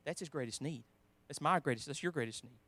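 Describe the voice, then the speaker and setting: A man's slightly high voice moves fast through a conversational sermon. He quotes scripture, restarts sentences and switches between emphatic proclamations and quiet asides.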